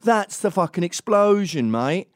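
Man doing a frantic, high-pitched conspiracy nut. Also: lively intonation, measured pace, dry recording, studio quality. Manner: urgent, emphatic, swearing. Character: frantic male conspiracy theorist, insistent, shouty. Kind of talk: comic impression in a monologue.

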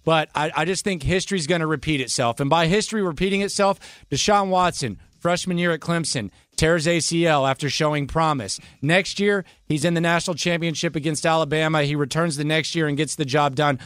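A man's voice: fairly high pitch, brisk, hardly any pauses, fairly bright tone, no room sound, studio quality. A man co-hosting sports talk radio, emphatic and repeating his bold prediction.

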